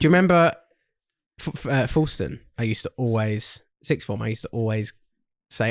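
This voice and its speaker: A young man, co-hosting a podcast, chatty and quick to chime in during casual banter. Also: mid-range voice, animated, no echo, clean studio sound. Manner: chatty, quick to agree and interject. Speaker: podcast co-host.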